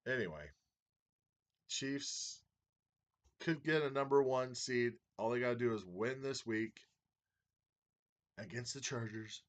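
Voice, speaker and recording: Brief: male league commissioner, mid-range voice, chatty and excitable sports-fan banter. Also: mid-range voice, slow, long pauses. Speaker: fantasy football league commissioner. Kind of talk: casual video update to league members.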